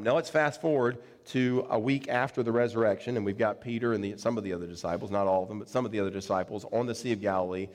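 Pastor preaching in a reverberant hall. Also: male voice, medium pitch. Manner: conversational, plain-spoken, with fillers. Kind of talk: sermon retelling a scripture story.

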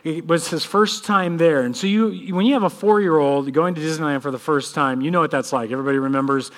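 High-voiced pastor telling stories. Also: male voice, fast. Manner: animated storytelling, acts out kids' voices. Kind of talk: sermon with prayer and personal story.

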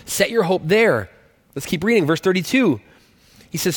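High-pitched guy preaching, talks like he's chatting w the congregation, big echoey church hall. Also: animated, moderate pace, pauses often. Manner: conversational preaching with frequent restarts and questions to the congregation. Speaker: pastor. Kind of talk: sermon. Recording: long hall reverb.

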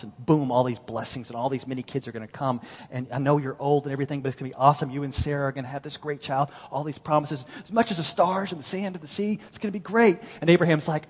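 A man preaching a sermon, reading scripture aloud and explaining it with animated emphasis that swings between loud and hushed. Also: mid-range voice, a little fast, slightly rough. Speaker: pastor. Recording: long hall reverb.

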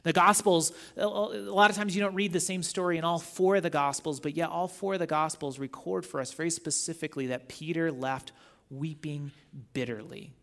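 Male guest preacher, somewhat high voice, casual and animated, mixes scripture reading with retelling. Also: brisk, vocal fry. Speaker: guest teacher. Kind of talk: sermon.

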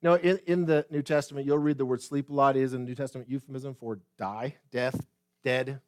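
A man's voice: mid-range voice, steady tone, fairly quick, dry recording, clean studio sound. A man preaching a sermon as pastor, speaking straight to the congregation with rhetorical questions and repeated phrases. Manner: addresses the congregation directly.

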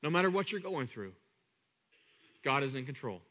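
In a sing-song manner at normal speed, a male preacher shifts between loud, high surges and quiet, low murmurs. Repetition runs through his sermon, and he acts out the voices of figures in his tale.

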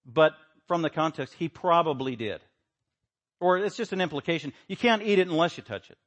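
Male pastor, slightly raised pitch, emphatic sermon delivery with loud rhetorical questions. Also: fairly quick.

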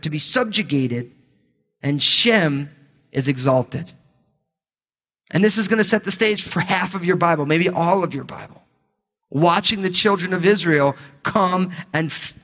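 A male pastor teaching the Bible in a relaxed, conversational way, with jokey asides between scripture readings. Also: high-pitched, long reverb tail.

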